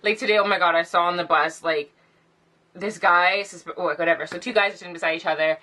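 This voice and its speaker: A woman's voice: fairly low pitch, fairly even intonation, fast, sharp tone. A young woman ranting casually to camera in a vlog, sassy and exasperated, with lots of "like". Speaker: vlogger.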